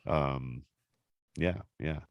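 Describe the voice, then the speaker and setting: A man's voice: rumbling low, drawn-out words, no room sound, clean studio sound. A man hosting a podcast in casual chat, explaining things loosely with lots of fillers. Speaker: podcast host.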